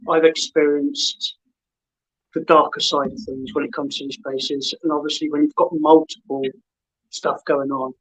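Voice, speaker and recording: A man hosts a casual podcast chat with a slightly raised pitch, talking in an earnest, storytelling way. His audio comes through dull and lo-fi. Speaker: podcast host.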